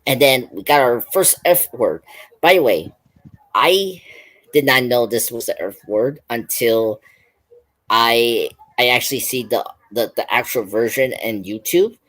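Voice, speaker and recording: A man's voice: mid-range voice, unhurried, fairly bright tone. A man hosting a pop culture stream, retelling a film's scenes in a loose, rambling way with lots of "like" and restarts. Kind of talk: casual film review chat.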